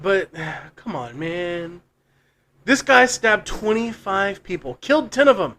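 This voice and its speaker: A man's voice: sits high, sing-song, slow pace, pushed and bright, a little hiss or hum. A man co-hosting a comedy podcast in a studio, loosely running through news items and laughing in casual chat. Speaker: podcast co-host.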